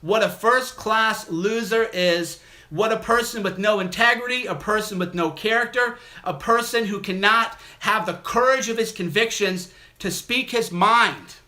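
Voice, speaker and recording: Brash, bright-voiced livestream host. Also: male voice, high-pitched, a little slow. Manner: aggressive, mocking and insulting; repetitive, emphatic delivery. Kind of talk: call-in livestream rant.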